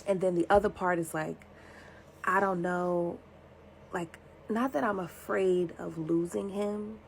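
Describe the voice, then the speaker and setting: A woman with a lowish, gravelly voice talks through a personal confession. She is reflective and hesitant and leans on fillers, with a faint hiss and some ambience behind her. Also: fairly even intonation, a little slow. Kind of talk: casual confessional talk.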